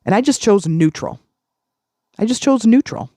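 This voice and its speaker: A middle-aged podcast host coaches listeners through a self-help talk, earnestly circling back to key phrases for emphasis. The voice is middling in pitch, animated, quick and warm. The sound is dry and close, with no room around it.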